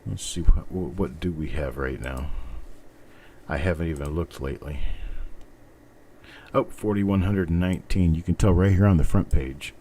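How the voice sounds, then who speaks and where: A man's voice: low voice, moderate pace, mellow. A middle-aged man hosting a live stream, chatting casually and thinking aloud as he goes. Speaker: host. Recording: faint background noise.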